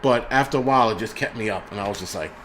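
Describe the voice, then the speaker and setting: A man's voice: on the low side, racing, a bit bright, slight background noise. Profane rambling man on a livestream. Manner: profane, rambling, frequent restarts. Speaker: livestream host. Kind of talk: casual livestream rant.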